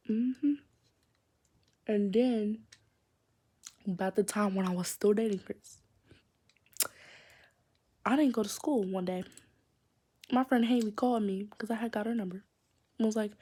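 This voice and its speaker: A woman's voice: mid-range voice, mellow, husky. A teenage girl chatting through a rambling storytime, dropping to a whisper for secrets. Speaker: vlogger. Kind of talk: casual storytime chat.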